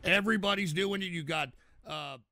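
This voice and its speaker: A middle-aged man hosting a live show, ranting profanely and shouting at his chatters. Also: high-pitched, moderate pace, gravelly, no echo. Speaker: livestream host.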